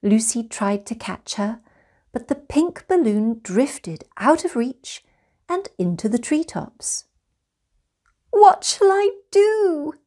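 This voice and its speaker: A woman with a voice on the high side reads a children's picture book aloud as a storyteller. Her reading is slow, gentle and expressive.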